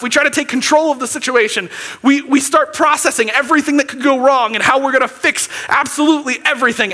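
A man preaching with a very high voice. He talks to the congregation in a loose, chatty way, checking in with "okay?" and rising to emphatic near-shouts. His tone is bright and forceful. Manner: conversational, often checks in with "okay?". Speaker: pastor. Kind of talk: sermon.

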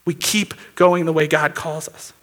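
A man preaching a sermon as a pastor, talking conversationally, often checking in with "okay?" and sometimes bursting into emphatic near-shouts. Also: fairly high pitch, flat delivery, unhurried.

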